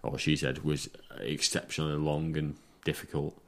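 Deep-voiced chatty man. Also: level tone, moderate pace, a bit bright. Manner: laughs often, rambling storyteller. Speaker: podcast co-host. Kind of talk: casual chat.

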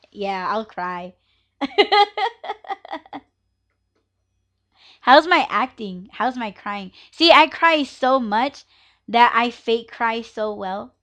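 A woman hosts her own podcast in a loose, unhurried chat, her voice bright and ringing. She drifts into profane rants and laughs easily. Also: fairly high pitch, lively intonation. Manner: ranting, profane, laughs often. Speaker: podcast host. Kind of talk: casual live podcast chat.

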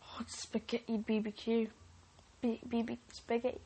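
A woman's voice: a little high, level tone, normal speed, dark tone, slightly rough. A woman podcast host reading online stories aloud, with chatty, joking asides and frequent self-interruptions.

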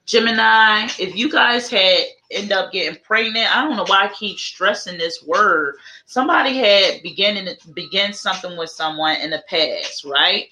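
A woman with a bright, clear tone gives a casual live tarot reading. She talks in a chatty, looping way, repeating her questions and thinking aloud as each card turns up. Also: medium pitch, moderate pace, hardly any pauses, poor audio. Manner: chatty, repetitive, thinks aloud while drawing cards. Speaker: tarot reader.

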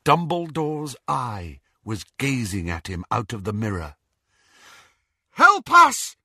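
Slow, expressive male audiobook narrator. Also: lowish voice, husky, no echo, studio quality. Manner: expressive, dramatic reading. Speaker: audiobook reader.

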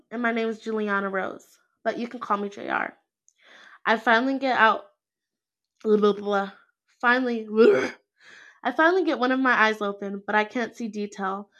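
A woman's voice: fairly high pitch, a bit bright, lo-fi sound. A young woman casually reading a story aloud, laughing often and breaking off to comment. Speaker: reader.

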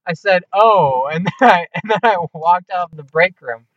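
Young man, podcast co-host, high and lively voice, laughs a lot, dull lo-fi sound. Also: moderate pace, no room sound. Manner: animated storyteller, laughs often, acts out quoted voices. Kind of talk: casual comedic chat.

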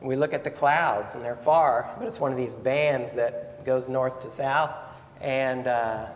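A male pastor delivering a Sunday morning sermon, telling the story in an animated way and asking his listeners rhetorical questions. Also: mid-range voice, unhurried, a little hiss or hum. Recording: echoey hall with faint ambience.

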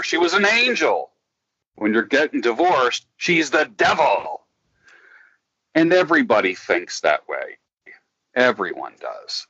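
A man speaking as an interview guest, giving life advice in a slow, emphatic, preacherly way with lots of repetition. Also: medium pitch, bright, forceful tone, no echo, highs cut off. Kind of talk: interview, motivational talk.

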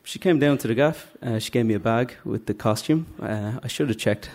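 On stage at a live story night, a Dublin man with a Dublin Irish accent tells a funny, self-mocking story and acts out the different voices. He speaks fairly quickly in a mid-range voice with a darkish tone.

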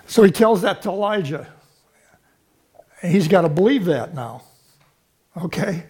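High-voiced male preacher. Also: lively intonation, slow, long pauses, a little mellow, slightly rough. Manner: teaching, with frequent rhetorical check-ins to the congregation. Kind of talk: sermon.

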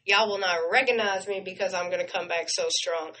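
A chatty woman co-host, her voice crisp and bright as she rushes through fan stories on air. She sounds gushing and animated, talking in casual radio chat. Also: lowish voice, low-quality recording.

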